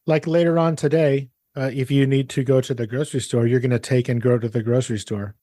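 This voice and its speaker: A man's voice: mid-range voice, fairly even intonation, fast, mellow, dry recording, clean studio sound. A man hosting a podcast, asking curious questions with a joking, easygoing manner. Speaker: podcast host. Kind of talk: casual interview chat.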